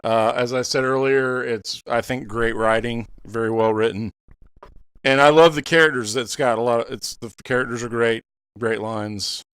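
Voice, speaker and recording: A man co-hosting a casual movie review podcast, talking in a relaxed, easygoing way. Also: mid-range voice, moderate pace, smooth, no room sound. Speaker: podcast co-host.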